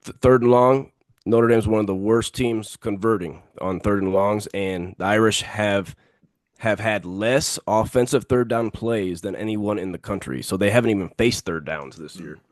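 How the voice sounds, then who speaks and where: Low-voiced man co-hosting a sports podcast. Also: normal speed, no echo, clean studio sound. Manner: confident, emphatic picks with repeated phrases. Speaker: podcast co-host. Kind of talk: casual sports podcast chat.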